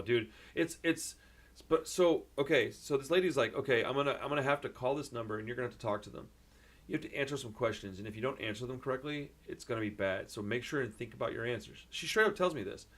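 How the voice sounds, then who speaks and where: A young man telling a rambling, excitable story in a casual vlog, full of fillers and restarts. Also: medium pitch. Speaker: vlogger.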